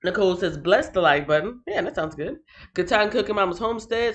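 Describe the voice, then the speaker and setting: A woman with a mid-range voice speaks a little fast while hosting a casual Bible reading livestream from her phone. She greets viewers by name, recaps chapters playfully, reads chat comments aloud, and sings and laughs.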